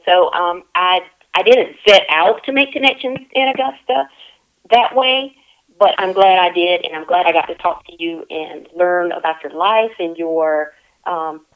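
A woman's voice: lowish voice, dull audio. A woman interviewing someone over the phone, playful and teasing, laughing often.

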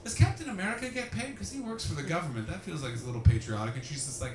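A man doing stand-up comedy, loudly and profanely teasing audience members. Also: medium pitch, expressive, rapid-fire, few pauses, music in the background. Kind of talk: stand-up crowd work. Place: comedy club before a live audience. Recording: echoey club with loud crowd.

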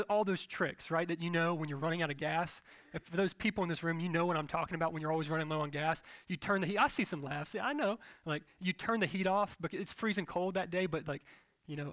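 A young man preaching a sermon as a pastor, telling a self-deprecating story in an animated, jokey way. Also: on the high side, no room sound.

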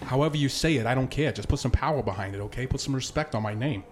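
A man's voice: mid-range voice, racing. Brash, cocky man voicing his character at a game table, light room noise. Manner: brash, swaggering, profane. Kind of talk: in-character role-play.

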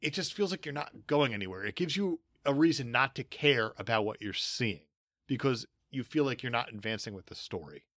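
A podcast co-host chats casually about movies, laughing often and voicing strong, emphatic opinions. His mid-range voice is brisk and a bit bright, with lively intonation, and the recording is dry and studio quality.

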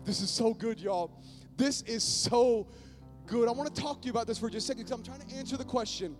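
A male pastor preaching a lively sermon to his church, often calling out to the congregation. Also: very high voice, a little fast, faint music behind. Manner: energetic, calls on the congregation often. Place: church sanctuary.

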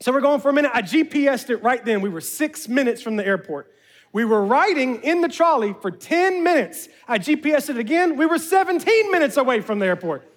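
A man telling a personal story in a lively way, often turning to ask his listeners if they follow him. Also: very high-pitched, brisk. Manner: lively, addresses listeners directly.

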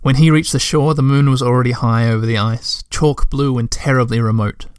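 A man's voice: medium pitch, fairly even intonation, a little fast, smooth, no echo. A man reading a children's book aloud, breaking off for chatty asides to listeners. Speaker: reader.

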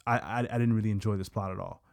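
A man's voice: fairly low pitch, fairly even intonation, very fast, vocal fry. A man co-hosting a casual podcast, talking in rambling stretches with stammered restarts. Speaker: podcast co-host.

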